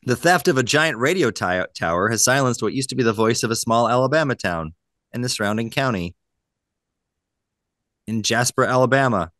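A male podcast host tells stories with a lively, swooping voice and laughs easily. The studio sound is dry and close. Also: medium pitch, brisk, no echo. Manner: animated storyteller, laughs often. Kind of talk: casual chat, reading news items.

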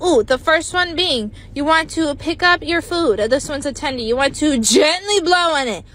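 A woman's voice: high-pitched, animated, normal speed, a bit bright. Playful woman giving a mock tutorial. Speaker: comedy creator.

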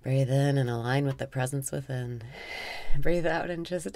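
A woman guiding a meditation, speaking softly and often slipping into a whisper, with wry, self-mocking laughter. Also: extremely low pitch, normal speed, dry recording. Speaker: meditation guide. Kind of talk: guided meditation.

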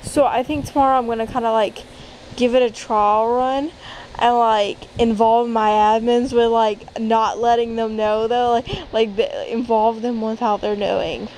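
A woman's voice: on the high side, fairly even intonation, unhurried, a little mellow, slight background noise, rough recording. Stammering woman vlogging at home. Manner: stammering, restarting, lots of fillers. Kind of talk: casual vlog chat. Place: home, indoors at night.

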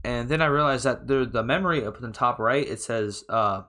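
A man's voice: medium pitch, brisk, bright, forceful tone, slight background noise. A young man casually talking over a reaction video of himself, chatty and laughing at himself often.

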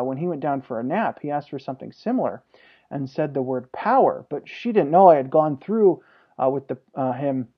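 Pastor guy in his 30s giving a sermon, tells a story, lots of uhs, kinda dull lo-fi sound. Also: fairly high pitch. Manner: storytelling with frequent "uh" fillers.

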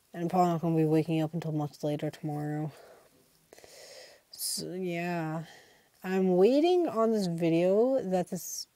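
A teenage girl rambling casually in her first home vlog, often mimicking her friends in animated voices. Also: fairly low pitch, no room sound. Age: teens. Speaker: vlogger.

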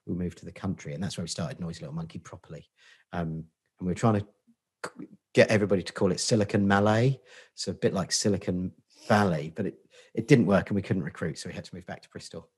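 This podcast guest is a middle-aged agency founder from Portsmouth, England, speaking Portsmouth English in a low-pitched, slightly rough and somewhat mellow voice. His quick, casual interview chat is full of swearing, jokes, and self-deprecation.

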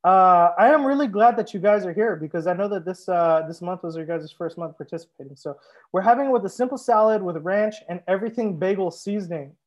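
A man's voice: high-pitched, brisk, muffled recording. A young man hosting a live wine tasting as a sommelier, chatting casually and joking as he reads out viewer comments. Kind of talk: casual livestream chat.

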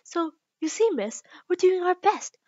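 A woman's voice: very animated, unhurried, dark tone, no room sound, muffled recording, exaggerated voice. A woman doing an anxious card gardener. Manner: low, apologetic.

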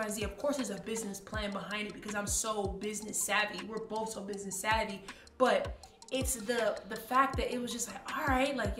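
A young woman co-hosting a couple's channel, chatting casually in a playful, teasing, slangy way. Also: mid-range voice. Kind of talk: casual chat. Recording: echoey room, mic at a distance, music behind.

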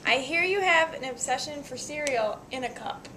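A woman's voice: high voice, lively intonation, moderate pace, bright, forceful tone, a little hiss or hum. A young woman interviewing a teammate with playful, teasing questions. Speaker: student interviewer.

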